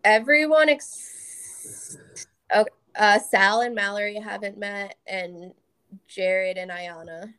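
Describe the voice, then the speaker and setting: A woman's voice: medium pitch, fairly even intonation, takes it slowly, a bit bright, clear, resonant tone. A young woman co-hosting a casual chat, playful and teasing in an upbeat way.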